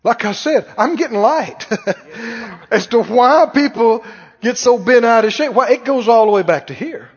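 High-voiced animated preacher in echoing hall. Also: male voice, normal speed, husky. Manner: animated, rhetorical questions to congregation. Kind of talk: sermon. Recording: muffled sound with long hall reverb.

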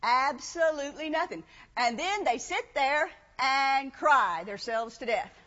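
A woman's voice: high-pitched, animated, a little slow, pushed and bright. A woman preaching a sermon in a conversational way, asking rhetorical questions and reading scripture. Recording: dull lo-fi sound, long hall reverb.

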